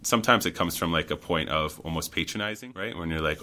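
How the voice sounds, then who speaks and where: A man's voice: low-pitched, quick pace, hardly any pauses, bright, forceful tone. A man from Canada, a guest in an interview, telling personal stories in a thoughtful conversational way and often checking in with "right?". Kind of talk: conversational storytelling.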